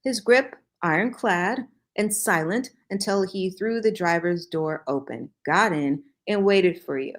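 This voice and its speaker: A woman hosting a show, reading a fan fiction story aloud in a slow, dramatic way and breaking off for joking asides. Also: fairly low pitch.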